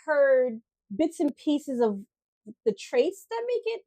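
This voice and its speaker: A woman co-hosting a podcast in casual chat, talking in a reflective, halting way with frequent fillers and restarts. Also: high-pitched, sing-song, dark tone, dry recording. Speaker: podcast co-host.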